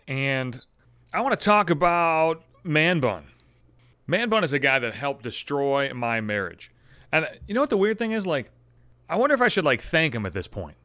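A man telling a personal story to camera in a profane, animated way, acting out his own thoughts. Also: medium pitch, dry recording. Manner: animated, swearing, acts out his own inner voice. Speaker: vlogger.

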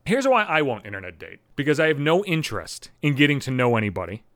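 A man's voice: medium pitch, sing-song, fast talker, fairly bright tone, no room sound, studio quality. A man in his thirties hosting a podcast, ranting in an agitated, sarcastic way and swearing constantly. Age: 30s. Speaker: podcast host. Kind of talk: profane solo rant.

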